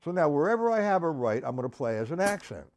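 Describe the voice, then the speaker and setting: A man's voice: fairly high pitch, sing-song, fast, heavy background noise. A man teaching a live-streamed drum lesson, counting beats aloud and asking viewers to respond.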